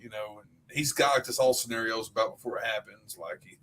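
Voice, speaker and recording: A podcast co-host with a mid-range voice talks a little fast, spinning stories in an animated, casual chat full of profanity.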